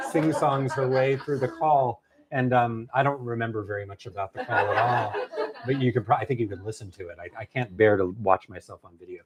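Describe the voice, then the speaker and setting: A man, a novelist, telling a long story in casual conversation, animated and halting with many fillers and restarts. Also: mid-range voice. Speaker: novelist guest.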